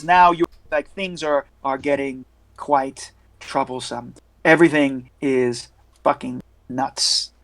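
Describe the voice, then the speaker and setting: A man narrating as game master of a tabletop game, halting and full of fillers. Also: medium pitch, fairly even intonation, fairly bright tone, low-quality recording.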